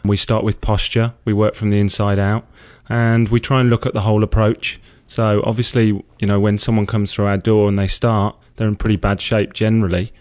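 An English man in his thirties, interviewed as a guest, with a lowish voice. He speaks with earnest enthusiasm and sounds a little out of breath. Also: flat delivery, brisk, hardly any pauses, darkish tone. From England. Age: 30s. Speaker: guest, personal trainer.

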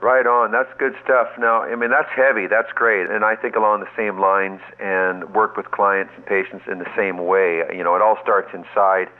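A man's voice: fairly low pitch, level tone, normal speed, few pauses. A man hosting an interview, asking reflective questions and affirming his guest. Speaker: interviewer, host. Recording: tinny phone line.

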